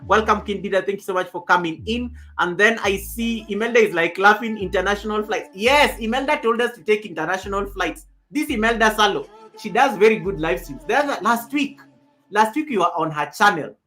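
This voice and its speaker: A young woman from Kenya chats on her home livestream, loud and lively as she welcomes each viewer by name. Her voice sits at an ordinary middle pitch. Clear music plays underneath her talk. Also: brisk. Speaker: livestream host. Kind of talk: casual livestream chat. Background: background music.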